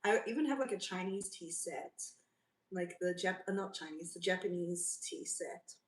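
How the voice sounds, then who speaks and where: A woman's voice: fairly low pitch, animated, normal speed. A woman from South Africa hosting a casual livestream, chatting and reading out and answering viewer comments. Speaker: livestream host. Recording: roomy, from a distance.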